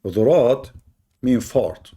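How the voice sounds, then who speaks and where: A man's voice: medium pitch, animated, very slow, mellow, slightly rough. A man in a live online debate, combative and scornful, repeating points for emphasis in non-native English.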